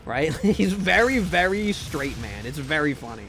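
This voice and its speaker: A man's voice: fairly high pitch, big pitch swings, a little slow, creaky, fairly bright tone, faint music behind. A man streaming a game live, chatting in a rambling, jokey and crude way. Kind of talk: casual gaming stream chat.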